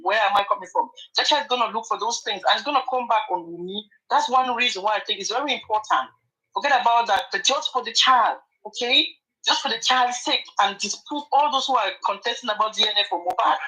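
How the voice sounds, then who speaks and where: Nigerian woman panelist, argumentative, bright tone, pushes back when interrupted. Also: a little high, brisk, low-quality recording. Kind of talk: heated debate.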